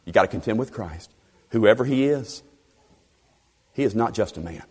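A man preaching an expository sermon, emphatic and animated, repeating phrases for stress. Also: on the low side, moderate pace, slightly rough. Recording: long reverb of a large hall.

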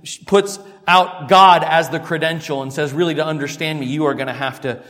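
A man preaching in a fairly high voice, talking through scripture like a conversation. He swings from hushed asides to loud, emphatic bursts. His voice rings out with a long reverb, as in a large church hall. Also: steady tone, fairly quick. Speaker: pastor. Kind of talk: expository sermon.

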